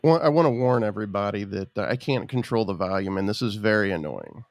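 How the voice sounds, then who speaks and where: A man's voice: lowish voice, lively intonation, fast, no room sound. A man co-hosting a casual political talk show, speaking bluntly and wryly. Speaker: co-host.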